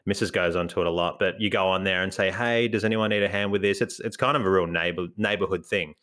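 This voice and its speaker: Low-voiced man chatting. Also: steady tone, fairly bright tone. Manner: chatty, laughs often, reads news aloud slowly. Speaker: podcast co-host. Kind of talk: casual chat.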